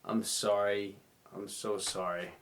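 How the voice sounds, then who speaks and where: A man's voice: lowish voice, flat delivery, takes it slowly, fairly bright tone. A young man hosting a rambling solo podcast, drunk and sleepy, slurring and apologizing as he talks. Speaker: podcast host.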